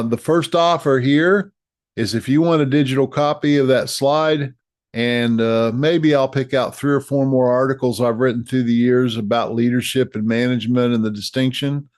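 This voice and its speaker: A man's voice: mid-range voice, steady tone, normal speed, darkish tone, no echo, clean studio sound. A middle-aged man giving a coaching talk on leadership, earnest and given to repeating and restarting his phrases. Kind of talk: direct-to-camera coaching talk.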